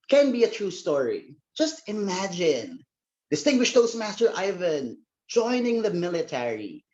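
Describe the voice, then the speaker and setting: A man's voice: high voice, darkish tone, dull audio. A man giving a humorous contest speech, playful and theatrical. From Philippines.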